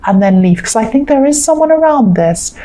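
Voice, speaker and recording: A woman's voice: a little high, lively intonation, a little fast, mellow. Chatty woman giving a tarot reading. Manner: chatty, rambling, frequent fillers and repetitions. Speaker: tarot reader. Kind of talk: casual tarot reading monologue.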